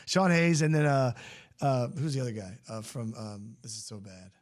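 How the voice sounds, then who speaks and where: A man's voice: mid-range voice, normal speed, mellow. Chatty, rambling podcast host man. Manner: rambling, chatty, laughs often, many restarts. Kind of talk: casual chat.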